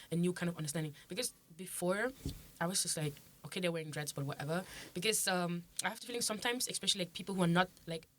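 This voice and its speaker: A young woman, a summer program student, telling stories loudly and with animation in a casual discussion. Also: on the low side, a little hiss or hum. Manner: loud, animated storytelling.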